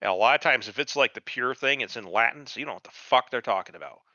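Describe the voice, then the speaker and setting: Man, bright voice, dry muffled sound, rambling swearing chat. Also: mid-range voice, quick pace, dry recording. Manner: rambling, swears a lot, lively. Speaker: podcast co-host. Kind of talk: casual profane chat.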